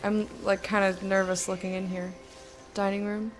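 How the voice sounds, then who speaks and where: A young woman casually commenting while playing a video game, chatty and thinking aloud, with sudden bursts of excitement. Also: mid-range voice, moderate pace, over music. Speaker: let's play streamer.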